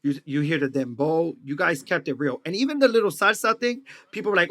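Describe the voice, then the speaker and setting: Bright, upbeat man co-hosting. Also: fairly high pitch, animated, fairly quick. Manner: enthusiastic, storytelling. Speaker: podcast co-host. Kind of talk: casual podcast chat.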